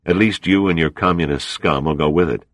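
A man's voice: low-pitched, fairly quick, no room sound, natural voice. A man voicing a defiant male salvage chief who speaks easily and with scorn. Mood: scornful. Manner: easy, scornful.

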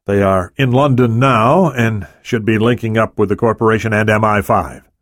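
A man's voice: lowish voice, normal speed, dry recording, clean studio sound, natural voice. A man voicing a matter-of-fact male spy official in an audiobook.

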